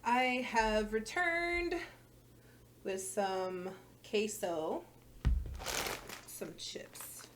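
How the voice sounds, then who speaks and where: A woman's voice: a little high, expressive, drawn-out words, pauses often, background noise. A woman hosting a reaction video, talking in blunt, profane, exasperated rants. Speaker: reaction channel host. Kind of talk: casual reaction commentary.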